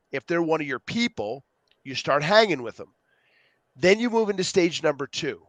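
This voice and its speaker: An animated man guesting on a podcast, sliding into playful voices as he acts out what people say. His voice sits a little high for a man, and the sound is close and dry, with no room around it. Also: no echo. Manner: animated storyteller, acts out quotes. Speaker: guest, youth program co-founder. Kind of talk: podcast interview.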